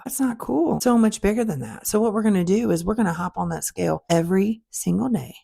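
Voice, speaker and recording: Podcast host, woman, deep gravelly voice, direct motivational coach who hammers points home. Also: mellow. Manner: direct coaching, emphatic repetition.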